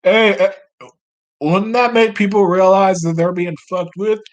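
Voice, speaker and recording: A man doing a high, timid senator. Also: fairly even intonation, unhurried. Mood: nervous. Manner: pipes up hesitantly, then caves. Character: nervous timid male senator, middle-aged.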